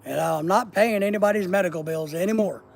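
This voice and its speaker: A man's voice: high-pitched, a little fast, creaky, poor audio. A man hosting a casual live stream outdoors at night, reading viewer comments aloud and teasing them in a blunt, profane, joking way.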